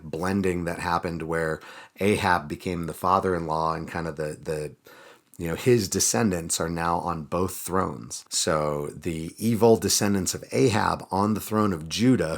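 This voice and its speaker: A man, a pastor, casually retelling Bible stories in a relaxed way, with plenty of fillers. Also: low voice. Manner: relaxed storytelling with frequent fillers. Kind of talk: casual Bible reading reflection.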